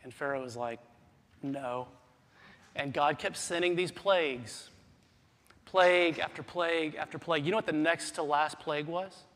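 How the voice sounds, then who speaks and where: High-voiced preacher in a reverberant hall. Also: male voice, moderate pace. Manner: dynamic preacher, swings from hushed to loud. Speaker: pastor. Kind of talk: sermon. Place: church sanctuary.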